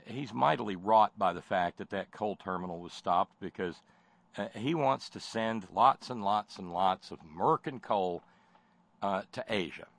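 A man's voice: lowish voice, unhurried, vocal fry, no room sound. A man giving sardonic spoken commentary, mocking and rambling with many fillers and false starts.

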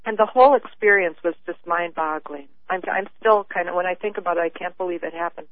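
A woman calling in to a radio show, telling her story earnestly in halting bursts with many restarts. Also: fairly low pitch. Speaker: caller. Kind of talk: call-in radio chat. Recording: tinny phone line.

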